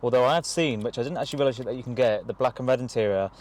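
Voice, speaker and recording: A young man talks quickly and excitedly, tumbling through casual slang as he shows off a car. He sits inside the car, speaking to a camera that someone else holds. His pitch sits in a middling range. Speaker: car vlogger. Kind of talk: excited car review vlog. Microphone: camera held by someone else.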